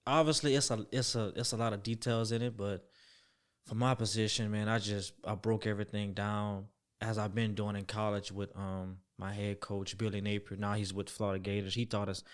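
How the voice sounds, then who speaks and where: A young man telling a story as a podcast guest, acting out the voices he quotes, dropping to near-whispers and then jumping up loud. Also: lowish voice, flat delivery, a little fast, smooth. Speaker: podcast guest, former football player. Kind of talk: storytelling in a casual interview.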